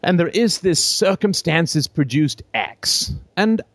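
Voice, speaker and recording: A British-accented man hosting a call-in show, talking off the cuff in an animated way, laughing often between phrases, with a theater-trained voice. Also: fairly high pitch, slow pace, no echo. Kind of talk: unscripted call-in show monologue.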